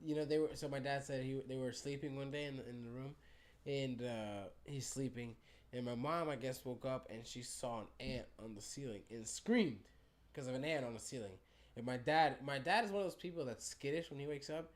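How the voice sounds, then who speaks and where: A man's voice: medium pitch, fairly quick. A man co-hosting a casual podcast, telling stories with lots of laughter and swearing. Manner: animated, laughs through stories, swears often. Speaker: podcast co-host. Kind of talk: casual chat, storytelling.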